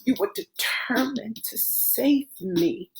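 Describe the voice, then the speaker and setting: Woman voicing young heroine Natasha, lively and dramatic storyteller, read slowly over faint music. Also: a little high, creaky, voice pushed up, full character voice. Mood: grateful. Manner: animated, dramatic storytelling with Southern slang. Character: young woman, Natasha, tearful then laughing.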